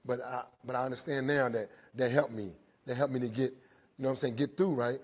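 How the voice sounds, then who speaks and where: A man's voice: mid-range voice, fairly even intonation, fairly quick, breathy edge. A middle-aged man giving an earnest recovery testimony to inmates at a jail, tagging almost every sentence with "right?" and repeating his phrases as he tells his story. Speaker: recovery speaker. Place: speaking live to inmates inside a jail.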